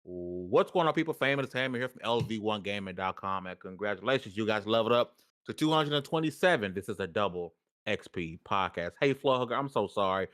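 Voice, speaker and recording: A man hosts a gaming podcast with a slightly low voice. He talks in loose, slangy banter and cheers on the chat as he goes through the show's housekeeping. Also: animated, brisk, few pauses, a bit bright. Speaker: podcast host.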